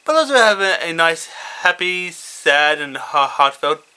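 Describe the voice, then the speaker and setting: A man casually reading his own fan story, halting and stuttering with many fillers. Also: a little high, very animated, bright, forceful tone, smooth. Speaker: fan fiction reader.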